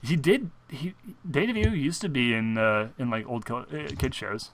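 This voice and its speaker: A man's voice: mid-range voice, moderate pace. A young man co-hosting a casual fan talk show, rambling with lots of fillers and restarts. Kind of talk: casual chat.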